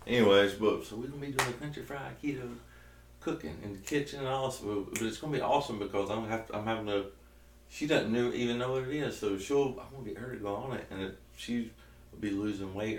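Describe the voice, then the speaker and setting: A man in his thirties with a thick Southern drawl talks loosely and jokily, starting sentences over and drifting between thoughts. His voice sits on the low side. He sounds set back from the mic in a roomy, echoing space. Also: brisk, distant mic, a little hiss or hum. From South Georgia, US. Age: 30s. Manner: rambling, jokey, self-interrupting. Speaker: keto vlogger. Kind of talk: casual rambling vlog.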